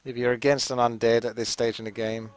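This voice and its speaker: An English man giving live game commentary in a relaxed, chatty, rambling way. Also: medium pitch, a little fast, clear, resonant tone, no room sound, soft background music. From England. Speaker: esports commentator.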